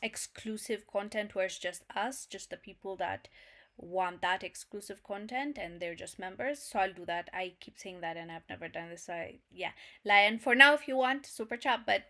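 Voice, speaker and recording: A woman's voice: mid-range voice, normal speed, pushed and bright. A young woman hosting a casual livestream, reading viewers' chat messages aloud and answering them with frequent laughs. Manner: chatty, laughs often, talks to viewers as "fam". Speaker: channel host reading live chat.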